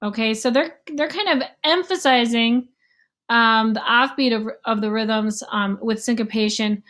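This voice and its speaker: A woman's voice: a little high, measured pace, fairly bright tone. A young adult woman giving a casual online music lesson, explaining rhythm and scales and sometimes humming or counting beats aloud. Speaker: music teacher.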